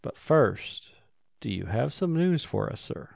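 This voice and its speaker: A man hosting a casual podcast, joking in a dry, deadpan way. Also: mid-range voice, a little slow, vocal fry, no echo. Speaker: podcast host. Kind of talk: casual chat.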